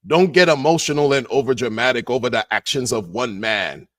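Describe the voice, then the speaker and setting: A man ranting in a casual monologue, animated and sarcastic, repeating words and laughing often. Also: medium pitch, normal speed, dry recording, studio quality. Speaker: crypto commentator.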